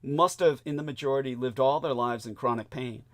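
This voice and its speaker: A man hosting a talk show in casual chat, animated and stammering, with frequent laughing asides. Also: mid-range voice, fairly quick. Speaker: show host.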